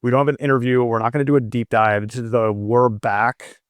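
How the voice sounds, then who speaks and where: A man's voice: mid-range voice, fairly quick, clear, resonant tone, no echo, clean studio sound. A man with an American accent co-hosting a podcast, chatting casually and joking through tangents. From United States. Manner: relaxed, rambling, joking with tangents. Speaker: podcast co-host. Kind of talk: casual chat.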